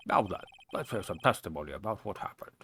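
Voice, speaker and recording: A man voicing a fussy, gullible elderly judge who makes slow, pompous pronouncements. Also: deep voice, lively intonation, bright, forceful tone, a little hiss or hum. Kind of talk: fan voice acting over a game.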